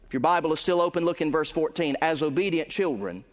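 A male pastor delivers a sermon from the pulpit in a high voice, preaching emphatically, swelling louder and higher at the climaxes and slowing to linger on key words. The long reverb of a large hall rings around him.

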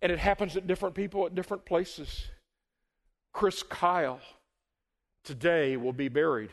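A man preaching a sermon as pastor, emphatic, swelling loud and then dropping low. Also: moderate pace.

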